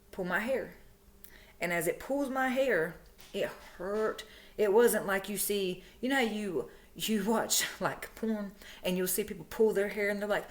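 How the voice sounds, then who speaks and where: A woman casually telling a personal story, chatty, animated and frank, often laughing. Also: medium pitch. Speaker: true crime storyteller, channel host.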